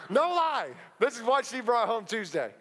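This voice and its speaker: A man in his thirties with a notably high voice preaches to his congregation, mixing jokes and personal stories into the sermon. His relaxed, chatty delivery rings out in a big church hall with a long, trailing reverb. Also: slight background noise. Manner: humorous, conversational storytelling with quick asides. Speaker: pastor. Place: church auditorium.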